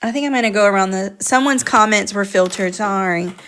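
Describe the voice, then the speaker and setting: A woman walks viewers through a coloring lesson in a relaxed, chatty way. Her voice sits at a middle pitch, and she talks to her audience between steps. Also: fairly quick, slight background noise. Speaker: art teacher on a live stream. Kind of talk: casual live coloring class.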